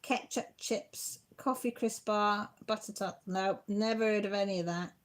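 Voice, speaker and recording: A woman's voice: mid-range voice, steady tone, normal speed. A middle-aged woman, hosting a casual live stream, reading comments and often breaking into giggles. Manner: giggly, self-deprecating, chatty.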